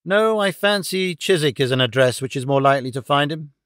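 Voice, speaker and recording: A man reading a calm, shrewd detective. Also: on the high side, no echo, studio quality. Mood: measured. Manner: measured, quietly confident.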